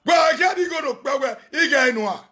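A Nigerian man on a phone live video, ranting and chanting loudly, often shouting and switching between Pidgin and local languages. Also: very high voice, expressive, fairly quick. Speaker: social media personality on a live video. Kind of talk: animated live-stream rant and chanting.

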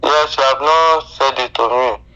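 A man's voice: mid-range voice, unhurried, pushed and bright. A man on a phone call who keeps pleading with her to hold on and listen. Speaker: scam caller. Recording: muffled phone line.

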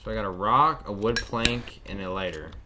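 A man's voice: on the low side, moderate pace, noisy background. Jumpy young man, game commentary over clicking keys. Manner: nervous, jumpy, talks to viewers while playing. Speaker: gaming streamer. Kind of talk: horror game let's play commentary. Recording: keyboard and mouse clicks behind the voice.

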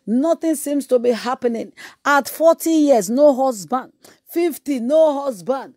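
A woman evangelist preaching with a high voice. She presses her points through emphatic repetition and breaks into fiery prayer. The sound is dry and close, with no room echo. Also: lively intonation, a little slow. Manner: emphatic and repetitive, shifting into loud praying in tongues.

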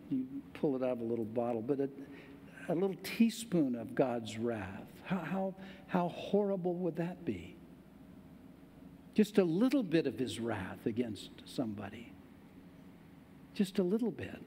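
Older man preaching with high voice. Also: warm tone, long reverb tail, a little hiss or hum. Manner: conversational, emphatic, rhetorical questions to the congregation. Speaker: pastor. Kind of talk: sermon. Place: church sanctuary.

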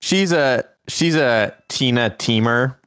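A man's voice: mid-range voice, slow, a bit bright, clean tone, dry recording, soft background music. A young man chatting and teasing as co-streamer during a casual game stream. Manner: teasing and playful. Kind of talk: casual gaming chat.

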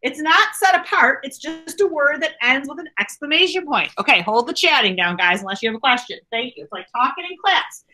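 A woman's voice: high-pitched, lively intonation, a little fast, few pauses, sharp tone. A woman teacher giving a chatty grammar lesson to her class over a video call, saying okay a lot. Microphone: computer mic on a video call.

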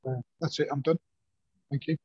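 A slightly hoarse man speaks in a flat, even voice, hesitating and restarting as he shares a reflection. The call audio sounds dull and lo-fi, with a very dry sound. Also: a little high, dry recording. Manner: halting, many fillers and restarts, earnest. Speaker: course participant. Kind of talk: personal sharing.

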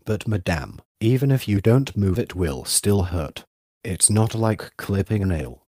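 A man reading an audiobook voices a female nurse who gently pleads with her patient. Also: lowish voice, expressive, a little slow, no room sound, studio quality. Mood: coaxing. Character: anxious female nurse and servant.

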